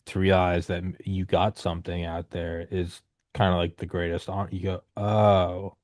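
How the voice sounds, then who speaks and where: A man in his thirties hosting a podcast, telling stories in a loose, rambling, animated way with casual swearing. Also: low voice, moderate pace, dry recording, clean studio sound. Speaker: podcast host. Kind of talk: casual conversational storytelling.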